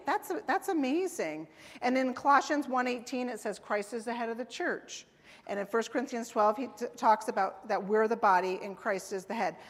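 A woman preaching a sermon in a conversational way, often asking the congregation "right?" and "amen?". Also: on the high side. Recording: long reverb of a hall.

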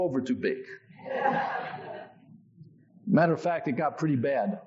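A man's voice: mid-range voice, unhurried, pauses often, highs cut off. A man preaching his life story. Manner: conversational, animated storyteller. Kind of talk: personal testimony in a sermon.

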